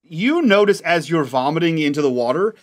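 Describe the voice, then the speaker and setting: A man narrating as game master of a tabletop game, relaxed and chatty with many fillers. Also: fairly high pitch, brisk.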